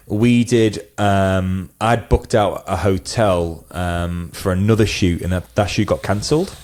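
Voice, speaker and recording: A man with a very deep voice talks casually as a podcast guest. He rambles, circling back with fillers and restarts. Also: fairly even intonation, a little slow, darkish tone. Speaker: wedding photographer guest.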